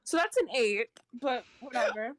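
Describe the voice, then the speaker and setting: A woman's voice: a little high, expressive, normal speed, no echo. A woman playing a tabletop game, chatting casually with many fillers. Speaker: player. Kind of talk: tabletop role-play chat.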